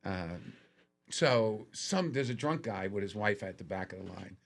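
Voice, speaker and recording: Speaking in a lowish, unhurried voice with vocal fry, a man appears as a comedian guest on a podcast. He tells casual stories with animation, raising his voice to act out whoever he's quoting.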